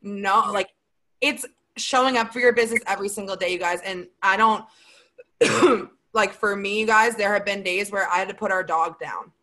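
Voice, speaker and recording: A woman's voice: medium pitch, normal speed, pushed and bright, poor audio. A young woman, a sales team leader talking in a chatty, emphatic way in a motivational Q&A. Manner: chatty and emphatic, full of "like" and "you guys". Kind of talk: motivational Q&A livestream talk.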